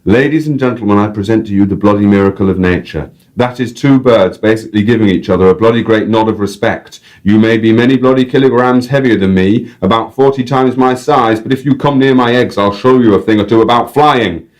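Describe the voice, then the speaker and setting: A man voicing a red-faced, jolly male bird-show guide with a Northern English accent, exclaiming and booming as he reads aloud from his novel. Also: fairly quick, hardly any pauses, lightly acted.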